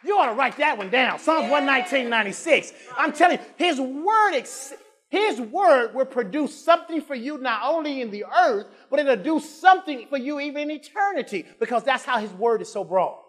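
Man, pastor, very high voice, sermon, call-and-response, shouted emphasis, repeated phrases. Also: animated. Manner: swings from quiet asides to shouted emphasis, drawn-out scripture lines.

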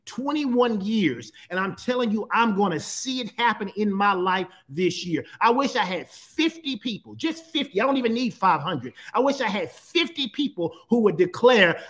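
A middle-aged pastor delivers a sermon in a notably high-pitched voice. He preaches emphatically, repeating phrases and drawing out key words for weight. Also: big pitch swings, moderate pace, hardly any pauses, fairly bright tone.

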